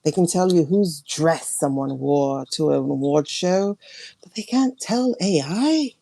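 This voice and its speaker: A woman hosting a tarot livestream, ranting emphatically and repeating herself, her voice swinging between loud and hushed. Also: deep voice, expressive, measured pace, gravelly, dry recording, studio quality. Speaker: tarot reader and livestream host.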